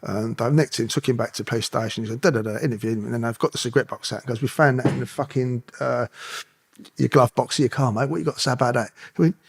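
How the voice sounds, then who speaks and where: A man's voice: medium pitch, steady tone, fast talker, gravelly, slightly rough. A middle-aged man, telling his story casually, swearing constantly, laughing and acting out what people said.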